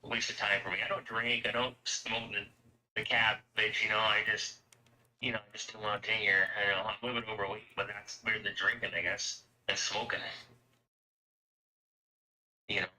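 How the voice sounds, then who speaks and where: A man's voice: fairly low pitch, little pitch movement, moderate pace, pauses often, sharp tone, low-quality recording. A man from Canada chatting casually, rambling and swearing as he rants about everyday costs. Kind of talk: casual chat.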